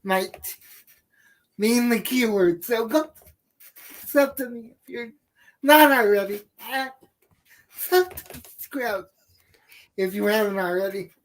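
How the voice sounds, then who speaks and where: Woman, casual stream chat, blunt, sweary, slow-paced. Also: fairly high pitch. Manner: blunt and sweary, laughs often. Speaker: live stream co-host.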